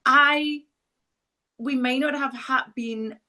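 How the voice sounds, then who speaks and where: A woman's voice: high voice, steady tone, slow pace, bright, forceful tone. A South African woman co-hosting a podcast, speaking earnestly and with feeling. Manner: earnest, heartfelt, emotional. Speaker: podcast co-host. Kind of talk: casual chat.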